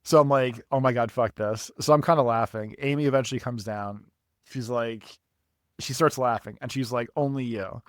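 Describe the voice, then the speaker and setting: A young man telling a rambling story on a podcast, animated and quick to swear, often laughing at his own misfortune. His voice sits in a middle register and sounds close and dry, with almost no room around it. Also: medium pitch, dry recording. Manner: animated, profane, laughs at himself. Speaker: podcast co-host. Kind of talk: casual storytelling.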